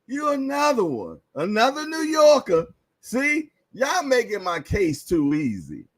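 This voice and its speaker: A man's voice: very high voice, wildly swooping pitch, measured pace, no room sound. A man hosting a boxing news chat, talking in laid-back slang, laughing often and repeating himself. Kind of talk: casual livestream chat.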